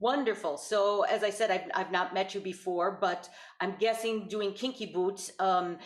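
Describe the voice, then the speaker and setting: A woman's voice: mid-range voice, fairly even intonation, normal speed, roomy sound. A woman teaching an online voice lesson, patient and encouraging, demonstrating vocal exercises over a video call.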